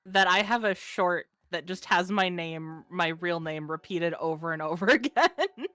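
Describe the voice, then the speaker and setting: A woman trades wry comments with a friend during a co-op game session. Her voice sits on the low side and is recorded close and dry, with no room sound. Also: measured pace, fairly bright tone, no echo. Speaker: co-op gaming partner. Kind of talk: casual co-op gameplay chat.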